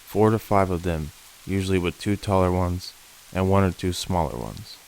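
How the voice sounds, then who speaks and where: A man reading first-person creature horror stories as scripted narration, in a slow, measured, ominous manner. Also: low voice, vocal fry, darkish tone, slight background noise, poor audio. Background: faint rain.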